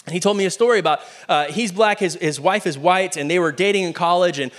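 A man preaching a sermon in a lively, conversational way, often asking the congregation questions. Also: high voice, fast talker. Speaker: pastor.

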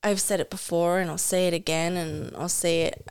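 A woman in a casual podcast chat, grieving and near tears, talking slowly and haltingly with long pauses. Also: fairly low pitch, steady tone, creaky, smooth. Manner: slow, halting, pausing often. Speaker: podcast host.

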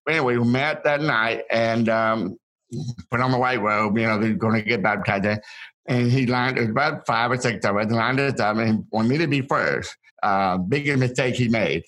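A man of middle pitch tells stories from his childhood as an interview guest. He talks in a casual way, in halting bursts, restarting his sentences and repeating words as he goes. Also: fairly bright tone, rough recording. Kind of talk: casual storytelling.

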